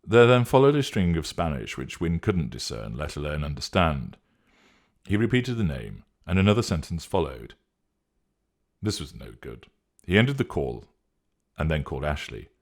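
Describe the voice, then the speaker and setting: Deep gravelly guy reading a story, steady and measured, lots of pitch movement. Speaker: narrator. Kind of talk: scripted story narration.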